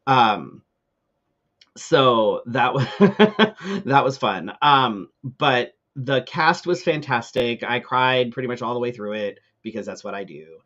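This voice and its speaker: A man's voice: medium pitch, animated, slow, a bit bright, muffled recording. A man co-hosting a live talk show, telling a ranting story in casual chat, full of fillers and swearing.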